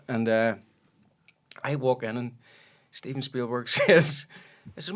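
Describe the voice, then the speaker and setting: A man with a Belfast accent, an actor guest telling a lively anecdote and acting out voices from it. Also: mid-range voice, unhurried. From Northern Ireland. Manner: animated storyteller, acts out voices in quotes.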